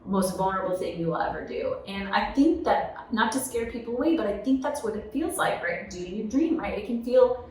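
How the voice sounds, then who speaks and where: Animated woman author, echoey distant mic. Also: medium pitch, brisk. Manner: animated, tag questions like "right?". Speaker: author and guest. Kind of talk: conversational podcast storytelling.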